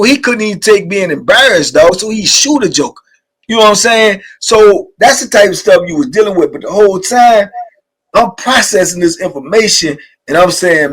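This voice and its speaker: A middle-aged man tells prison stories in a casual conversation. His voice is pitched high for a man, and he drives the story with animated quotes and repeated check-ins with the listener. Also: rough recording. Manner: animated storyteller, acts out quotes, "you know what I'm saying". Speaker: host sharing prison stories.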